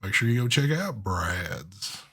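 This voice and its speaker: A man with a fairly low voice hosts a live stream in casual chat. He talks in an easygoing, drawling way with plenty of ums and pauses. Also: expressive, a bit bright, slight background noise. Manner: drawling, easygoing, hesitant with fillers. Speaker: host of a live vape show.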